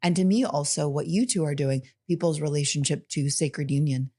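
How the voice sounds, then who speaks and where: A woman's voice: deep voice, normal speed, warm tone. A woman hosting a podcast conversation, earnest and giggly with lots of fillers.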